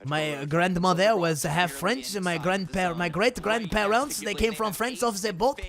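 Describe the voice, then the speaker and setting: A man with a high voice hosts a casual live-stream from his home studio. He talks into a desk mic, jokes around and swears freely. He drifts between chatting with viewers and calling the match. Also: normal speed, vocal fry, a crowd in the background. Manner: jokey, swears, tries silly accents. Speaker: streamer hosting a watch party.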